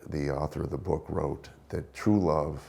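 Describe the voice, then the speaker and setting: A middle-aged man telling his personal story in a conversation as a guest, halting and reflective, often repeating words as he goes. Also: a bass voice, steady tone, vocal fry, warm tone.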